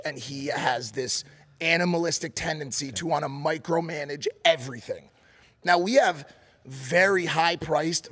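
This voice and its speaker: A man co-hosting a podcast, telling a story in a casual, animated and profane way, acting out shouted quotes. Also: fairly high pitch, slightly rough. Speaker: podcast co-host. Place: podcast studio.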